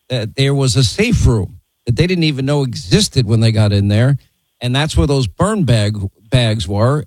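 A man's voice: medium pitch, darkish tone, no echo, low-quality recording. Emphatic male talk show host, dry sound. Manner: emphatic, assertive, makes predictions. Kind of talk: broadcast interview.

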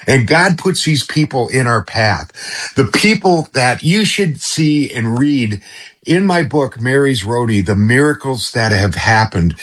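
A man's voice: medium pitch, expressive, measured pace, fairly bright tone, slightly rough. A middle-aged man guesting on a talk radio show, effusive and rambling, often restarting his sentences. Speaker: radio guest, former radio host.

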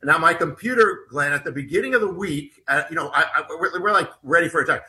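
A man's voice: on the high side, fast talker, bright, forceful tone. A man guesting as an author on an interview show, telling a personal story in a rambling way with many restarts and repeated words.

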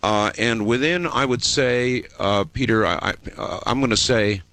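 A man's voice: mid-range voice, moderate pace, fairly bright tone. A man hosting a late-night radio talk show, telling stories in a rambling, hesitant way with lots of fillers. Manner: rambling, hesitant, folksy storytelling with many fillers.

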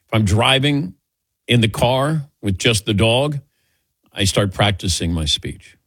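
A man's voice: on the low side, lively intonation, measured pace, fairly bright tone, slightly rough, no room sound, studio quality. A middle-aged man answering audience questions in a casual, rambling, self-mocking way, telling little stories.

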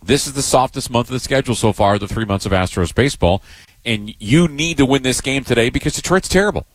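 Sports radio host, lively pitch. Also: male voice, no room sound, poor audio. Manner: blunt, joking, drawls slowly on points. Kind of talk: casual sports radio banter. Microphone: studio microphone.

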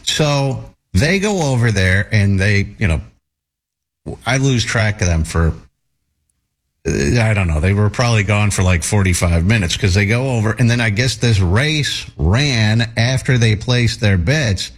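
A man's voice: on the low side, expressive, measured pace. A man in his thirties, a talk show regular, telling a casual anecdote in a rambling way with many fillers and restarts.

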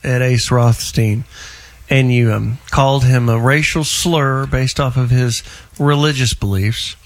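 A man's voice: medium pitch, fairly even intonation, measured pace. A male radio host taking calls and joking with guests on a call-in show.

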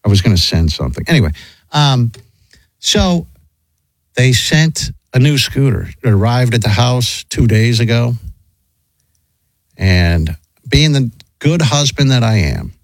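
A man's voice: mid-range voice, a little slow, pauses often, no room sound, poor audio. A middle-aged man telling a long, rambling story in casual chat, with many restarts. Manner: rambling, animated, frequent restarts.

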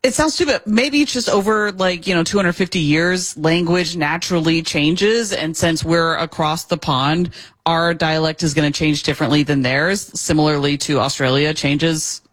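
A woman co-hosts a radio talk show in a fairly low voice. She answers in a dry, matter-of-fact way. Her replies sound plain and unhurried. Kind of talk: casual talk radio banter.

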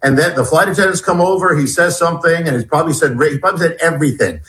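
A middle-aged man with a fairly high voice tells his story in an animated, halting way. He breaks off and restarts his sentences as he goes. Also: poor audio. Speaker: guest author. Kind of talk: storytelling in an interview.

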